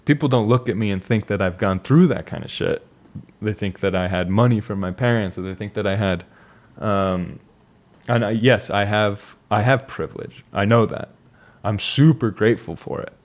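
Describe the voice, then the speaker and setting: A man's voice: fairly low pitch, normal speed. A young man talking casually and reflectively about his life, rambling with restarts and fillers. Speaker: vlogger. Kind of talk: casual personal monologue.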